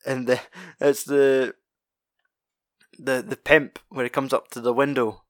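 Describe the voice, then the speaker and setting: A man recaps a film in casual, profanity-laced chat, wandering from thought to thought and laughing along the way. His voice sits at an ordinary middle pitch and is recorded close and dry, with no room sound. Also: level tone, unhurried, a bit bright, no echo. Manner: sweary, rambling, laughs often.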